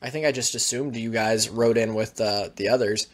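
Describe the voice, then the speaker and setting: A man's voice: fairly low pitch, fairly even intonation, normal speed. Swearing man telling stories. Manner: swears a lot, tells stories animatedly. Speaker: podcast co-host. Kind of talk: casual chat.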